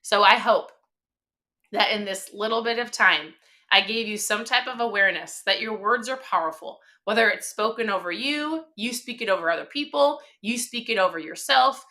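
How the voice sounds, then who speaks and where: A woman's voice: medium pitch, normal speed, pushed and bright. A woman in her thirties hosting a motivational live stream, talking emphatically and chattily with many fillers.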